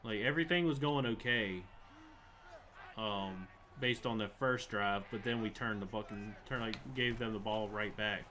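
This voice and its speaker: A young man hosting a gaming channel commentates live over a football video game, his voice lowish and unhurried against background noise. He's frustrated, swearing and ranting about the plays.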